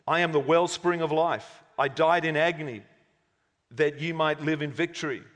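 Preacher guy doing god, soft slow fatherly voice, big echoey hall. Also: on the high side, close to an everyday voice. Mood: gentle. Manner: slow, gentle, soothing. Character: God, gentle all-knowing divine father. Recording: long hall reverb.

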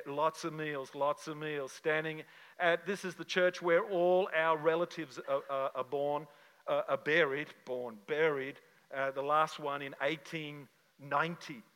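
An older man from Australia, a pastor telling a personal story to his congregation in an animated, conversational way with many restarts. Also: on the high side, smooth, big-room sound, rough recording. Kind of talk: sermon with slide show.

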